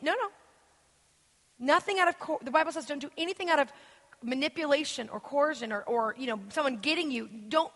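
Bright high-voiced woman preaching. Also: in a large hall. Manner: animated, acts out quoted voices. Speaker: guest speaker. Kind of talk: interactive church teaching.

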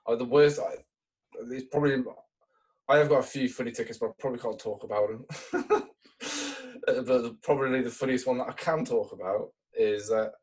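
A man who works in IT support, chatting casually and sounding relaxed and amused. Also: medium pitch, brisk, rough recording. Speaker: IT support worker. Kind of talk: casual podcast chat.

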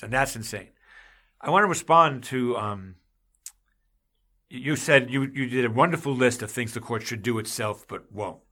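Podcast host guy, bright forceful voice, gets worked up, lots of restarts. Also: mid-range voice. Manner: emphatic, gets heated and raises his voice; frequent restarts and repetitions. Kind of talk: casual chat about law.

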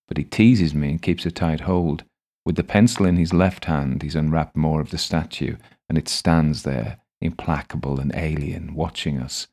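A man calmly narrating a first-person audiobook story in a measured way. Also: rumbling low.

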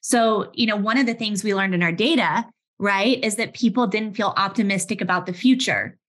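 A woman in her thirties, a head of HR, speaking conversationally in a webinar with lively anecdotes and frequent restarts. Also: medium pitch, normal speed. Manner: animated, restarts often, vivid everyday anecdotes. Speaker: head of HR, session host.

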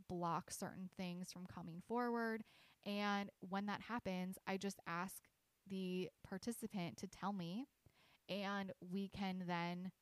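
A woman's voice: mid-range voice, clear, resonant tone, no room sound. A woman hosting her own podcast, earnestly explaining her coaching sessions with frequent "like" and small restarts. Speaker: podcast host and intuition coach.

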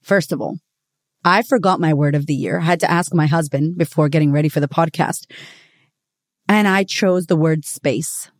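A woman's voice: low-pitched, moderate pace, dry recording, studio quality. Candid woman podcast host. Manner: candid and expressive, swears freely, acts out voices in her stories. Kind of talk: casual motivational podcast talk.

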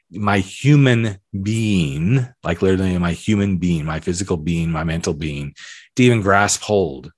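A candid man in his late fifties from the American South, his accent showing now and then as he muses on his podcast. His voice sits a little low and is recorded dry and close, with no room around it. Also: no room sound. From southern United States. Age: 50s. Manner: candid, conversational, emphatic repetitions. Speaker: podcast host. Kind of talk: reflective podcast monologue.

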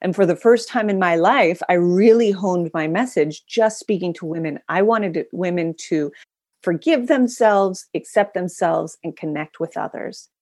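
A woman guest on an interview, a public speaker explaining her talk with animated, dramatic storytelling. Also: on the low side, moderate pace, dry recording, studio quality.

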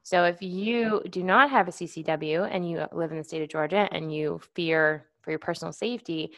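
A woman's voice: lowish voice, fairly bright tone. Indignant woman podcast co-host. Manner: indignant, quick restarts, talks over partner. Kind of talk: casual political podcast chat. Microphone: remote call with feedback.

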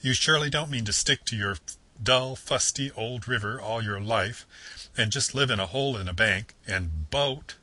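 A man voicing a boastful, conceited male toad gentleman from a storybook, excitable and pompous. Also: medium pitch, slow, few pauses, slightly rough, dry recording, voice pushed up, exaggerated voice. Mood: wheedling. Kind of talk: reading a storybook excerpt aloud.

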